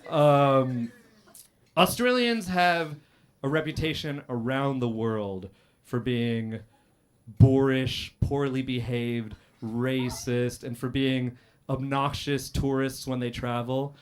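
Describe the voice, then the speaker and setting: A man performing a stand-up roast set on a comedy club stage, dry and deadpan, with many "uh" pauses and sudden loud outbursts. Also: mid-range voice, smooth.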